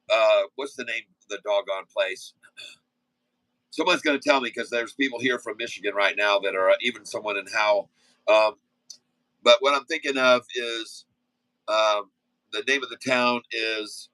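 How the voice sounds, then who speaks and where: Bright, rambling male livestream host. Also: medium pitch, dry recording, rough recording. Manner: rambling, folksy, easygoing, many fillers and asides. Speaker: day-trading livestream host. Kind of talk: casual live-stream chat and stock commentary.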